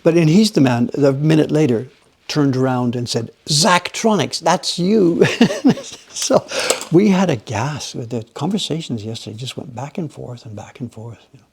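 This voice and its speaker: A man hosting a livestream from his workshop, chatting with viewers in a rambling, animated way while he works on a carving. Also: medium pitch, normal speed, vocal fry, slightly rough. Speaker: livestream host, woodblock carver. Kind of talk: casual chat while working.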